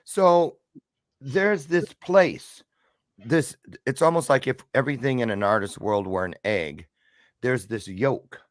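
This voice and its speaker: A man's voice: medium pitch, slow, dry recording, clean studio sound. A man hosting a podcast interview, talking casually and thinking aloud as he reflects. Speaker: podcast host.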